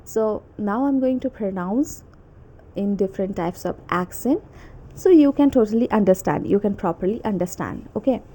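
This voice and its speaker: A woman's voice: mid-range voice, animated, normal speed, dark tone. A young woman hosting her own English learning channel, chatting casually and a little nervously, often adding "okay?" and "like". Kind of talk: casual self-made pronunciation lesson.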